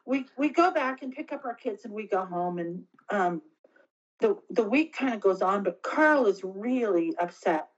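A middle-aged woman, an interview guest, telling a personal story earnestly and haltingly, often restarting her sentences. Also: medium pitch, expressive, breathy edge, highs cut off.

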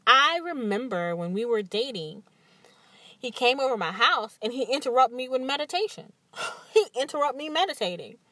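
A woman hosting a podcast, telling stories in an animated, candid way and acting out what others said. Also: high voice, normal speed, no echo. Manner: animated storytelling with acted-out quotes and frequent laughs; emphatic and candid. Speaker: podcast host. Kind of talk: casual monologue.

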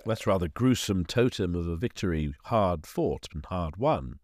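A man co-hosting a comedy podcast, prompting his partner with dry, mock-earnest questions and puns. His mid-pitched voice moves around a lot. The sound is close and dead. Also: animated, moderate pace, darkish tone, dry recording. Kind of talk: improvised comic chat.

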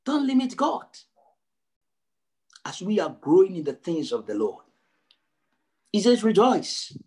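A male pastor preaching a sermon, emphatic, repeating his phrases and swinging from low and quiet to high and loud. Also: wildly swooping pitch, unhurried, breathy edge. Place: church service.

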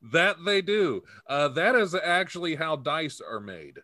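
A man's voice: on the high side, big pitch swings, a little slow, sharp tone, no room sound, clean studio sound. Laughing man hosting a comedy podcast. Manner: laughs often, reads news aloud with jokes. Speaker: podcast host. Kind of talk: casual comedic chat, reading news items.

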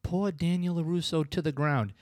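A man's voice: fairly high pitch, normal speed, a little mellow, no room sound, clean studio sound. A man in his thirties casually reviewing an old film, rambling and acting out the scenes in voices. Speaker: podcast co-host. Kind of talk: casual movie-review chat.

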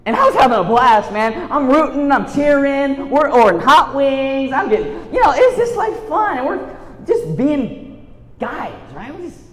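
Animated man preaching in an echoey hall. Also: extremely high pitch, normal speed. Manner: animated storytelling, dropping to a hushed earnest tone. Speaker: youth speaker and teacher. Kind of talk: storytelling sermon. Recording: echoey hall with long reverb.

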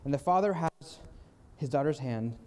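A young man preaching a sermon, telling a story in a calm, earnest way and slowing down softly on key lines. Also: mid-range voice, big-room sound. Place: church sanctuary.

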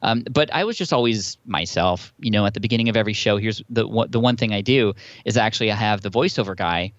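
A man's voice: fairly low pitch, fast, no echo, highs cut off. A man as a podcast guest, chatting and telling stories with many restarts and fillers. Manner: chatty, frequent restarts and fillers, animated storytelling. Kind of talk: conversational interview answer.

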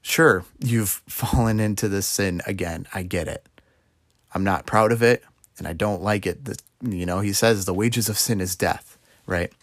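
A young man speaks earnestly in a casual devotional talk, his voice low and gravelly. He leans on "you know" and loose, conversational phrasing. The sound is dry and close, with no room around it. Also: a little slow, no echo. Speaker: Christian speaker.

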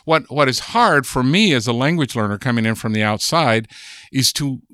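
A man's voice: medium pitch, moderate pace, fairly bright tone, no echo, studio quality. Older American man explaining patiently. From United States. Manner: thoughtful, chatty, many restarts and fillers. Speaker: linguist guest. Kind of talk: explaining in a podcast interview.

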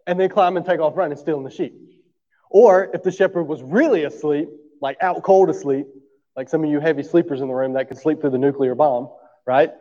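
A man's voice: on the high side, steady tone, brisk, dark tone, big-room sound, muffled recording. A man preaching a sermon. He talks to the room in a conversational way, often checks for agreement, and has an allergy cough. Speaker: pastor.

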